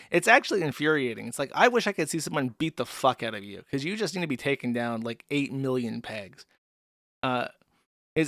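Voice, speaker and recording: A man's voice: medium pitch, sharp tone, no echo, clean studio sound. Sarcastic, profane ranting man. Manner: profane, sarcastic, frequent fillers. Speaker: commentary host. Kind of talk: ranting stream commentary.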